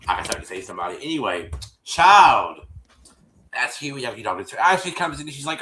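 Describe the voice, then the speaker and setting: A man hosting a stream, retelling a reality episode in casual chat, animated and exasperated, with many restarts. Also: medium pitch, normal speed. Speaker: show host recapping an episode. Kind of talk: casual storytelling recap. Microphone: streaming setup. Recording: echoey room.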